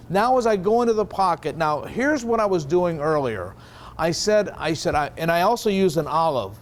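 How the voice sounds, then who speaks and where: A man teaching a magic routine in a relaxed, conversational way, walking through each step with frequent restarts. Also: fairly high pitch. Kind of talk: casual magic tutorial explanation.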